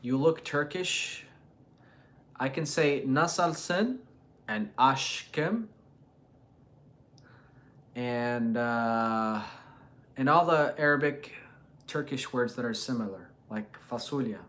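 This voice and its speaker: Male host from Jordan and Palestine, casual explainer, halting and full of fillers. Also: mid-range voice, a bit bright. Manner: hesitant, thinks aloud with many fillers and restarts. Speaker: religious channel host. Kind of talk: casual live chat and Quran commentary.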